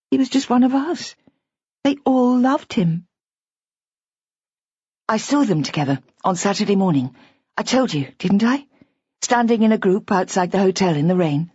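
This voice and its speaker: A woman's voice: medium pitch, darkish tone, husky, no room sound. A woman voicing an anxious young bride in an audiobook, talking in a rambling, upset way. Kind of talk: audiobook character voice. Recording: dull, lo-fi audiobook recording.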